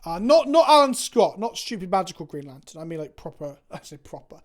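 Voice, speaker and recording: Casual English male streamer, animated, rambling and foul-mouthed. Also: sits high, brisk, hardly any pauses. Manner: rambling, sweary, self-mocking banter. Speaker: Magic card game content creator. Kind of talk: casual chat on a live stream.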